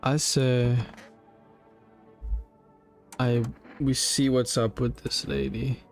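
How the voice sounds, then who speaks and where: A man's voice: mid-range voice, flat delivery, extremely slow, faint music behind. A man giving casual gameplay commentary, reacting aloud in an emotional, slangy way. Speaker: gamer.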